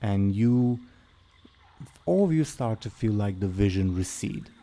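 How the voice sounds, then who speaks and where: A man narrating as game master of a tabletop game, slow and halting with many fillers. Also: on the low side, lively intonation, gravelly, dark tone.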